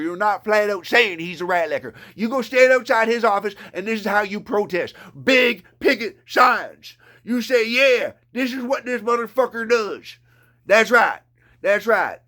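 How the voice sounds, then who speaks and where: A man with a high-sitting, bright, forceful voice rants angrily on a live stream. He swears and mocks freely, at times referring to himself in the third person.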